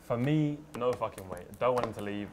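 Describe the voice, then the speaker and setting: A man co-hosting a casual football debate in an office, animated and teasing, with plenty of street slang. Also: mid-range voice, fairly quick, noisy background. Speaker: co-host.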